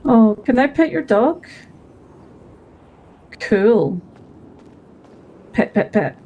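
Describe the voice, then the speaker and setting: A woman's voice: on the high side, animated, very slow, mellow, slight background noise, poor audio. A woman role-playing in a video game, playful and giggly.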